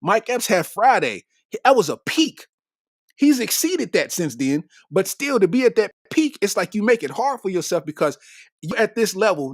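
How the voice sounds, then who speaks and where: High, lively-voiced male comedian. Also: no echo, clean studio sound. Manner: animated, slangy, laughs at his own jokes. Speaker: comedian podcast host. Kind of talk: comedic monologue.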